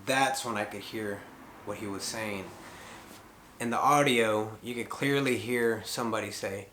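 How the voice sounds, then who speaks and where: A man's voice: fairly low pitch, measured pace, a bit bright, echoey room, a little hiss or hum. A middle-aged man telling a rambling story to the camera, full of fillers as he retells conversations. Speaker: paranormal vlogger.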